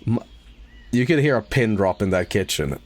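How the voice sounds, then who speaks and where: Animated lower-voiced man streaming a game. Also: moderate pace. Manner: rambling storyteller, swears casually, laughs loudly. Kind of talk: casual live-stream chat while gaming.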